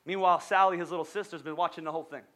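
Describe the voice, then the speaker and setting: High bright-voiced pastor, energetic, telling stories in a sermon. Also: male voice, very fast. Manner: energetic storytelling, with restarts and stumbles.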